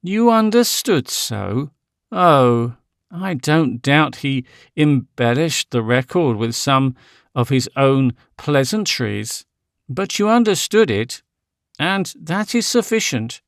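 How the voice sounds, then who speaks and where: A man's voice: sits high, very animated, takes it slowly, dry recording, clean studio sound, voice pushed up, heavily acted. A man voicing a proud, icy young woman in an audiobook, cold and clipped, cutting with sarcasm. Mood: icy, sarcastic. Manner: cold, clipped, imperious questioning. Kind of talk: audiobook character voice.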